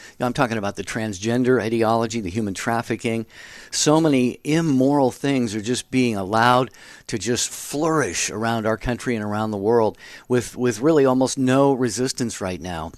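A man co-hosting a Catholic talk radio show, speaking earnestly and reflectively, often pausing with fillers and restarting his sentences. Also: medium pitch, no echo. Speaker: radio co-host.

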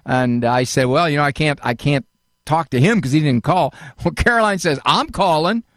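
A man's voice: on the high side, normal speed, no echo, clean studio sound. An older man hosting a call-in advice show, folksy and fatherly, often acting out what other people say. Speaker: radio call-in host, psychologist.

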